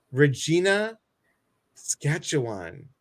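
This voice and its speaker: A man's voice: a little high, big pitch swings, extremely slow, breathy edge. A man with a Midwestern American accent hosting a casual livestream, greeting viewers by name and cracking jokes over a video call. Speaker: host.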